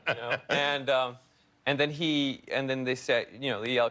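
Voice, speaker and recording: Young man, actor guest, rambling animated storyteller, laughs often. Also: mid-range voice, normal speed. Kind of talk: casual interview chat.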